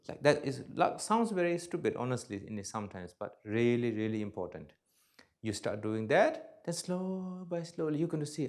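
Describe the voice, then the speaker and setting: A man's voice: sing-song, normal speed. Blunt, joking Buddhist teacher, a man. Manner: blunt, joking, plain-spoken with broken English grammar; swings between loud emphatic bursts and soft low asides. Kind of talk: dharma talk to an audience.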